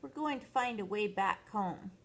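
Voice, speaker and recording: Grandma plays a scaredy little kid who frets out loud, lively up-and-down voice. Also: female voice, medium pitch, normal speed. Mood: sulky. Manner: wailing, worried. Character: nervous, fretful little boy.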